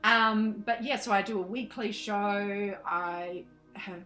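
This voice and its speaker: A woman's voice: mid-range voice, steady tone, takes it slowly, pushed and bright, reverberant, soft background music, poor audio. An Australian woman in her thirties, a podcast guest chatting animatedly, laughing often and acting out her past self. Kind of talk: casual interview chat.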